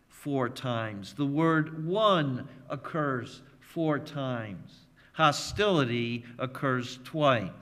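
A man preaching a sermon as pastor, emphatic and measured, leaning on repeated phrases. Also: on the high side, a bit bright. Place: church sanctuary. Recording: long reverb of a church hall.

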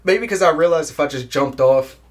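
A man's voice: fairly high pitch, fairly quick. A young man chatting casually in an interview, laid-back, swearing a lot and laughing at his own jokes. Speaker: guest musician.

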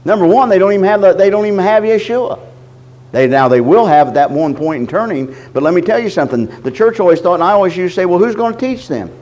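High-voiced preacher, halting and deliberate. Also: male voice, darkish tone, rough recording. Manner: slow, deliberate scripture reading with frequent halting repeats. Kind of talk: sermon teaching.

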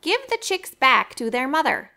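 A woman's voice: high-pitched, sing-song, normal speed, pushed and bright, voice pushed up, full character voice. A woman voicing a clever, fearless little male mongoose in a children's storybook, bold and taunting.

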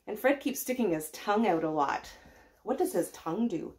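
A woman early years educator singing simple, sing-song children's songs about her dogs in a slow, clear way. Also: on the high side, animated, fairly bright tone.

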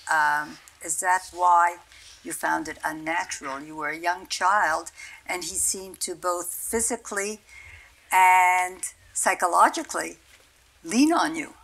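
A woman's voice: on the low side, a little slow, a bit bright, low-quality recording. A woman interviewing a guest on stage, asking thoughtful questions with some hesitation. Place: stage talk at a cultural center.

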